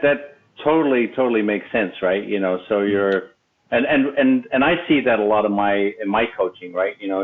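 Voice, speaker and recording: A man with a fairly low voice hosting a leadership interview, circling his point with many restarts and fillers. His audio is thin and narrow, like a call over a phone line. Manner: halting, many restarts and "you know"s. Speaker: podcast host and leadership coach. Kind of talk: casual interview talk.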